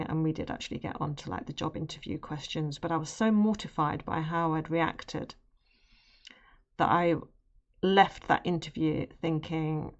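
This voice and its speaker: Streamer: young woman, lowish voice, chatty, animated storyteller who laughs easily. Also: muffled recording. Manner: animated, laughs while telling. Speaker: art streamer. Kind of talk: casual storytelling on a live stream.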